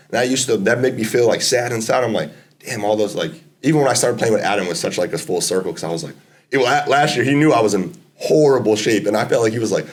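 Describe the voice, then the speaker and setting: A man's voice: fairly low pitch, expressive, quick pace. A young man, a college basketball player chatting casually on a podcast, laid-back, swearing freely and laughing often. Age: 20s.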